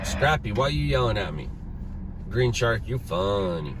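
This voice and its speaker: A man's voice: on the low side, very animated, a little slow, crowd noise. A man chatting and joking with viewers of his live stream as he drives, talking into his phone inside his car. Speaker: news videographer and livestreamer. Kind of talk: casual live-stream chat while driving. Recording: loud traffic noise behind.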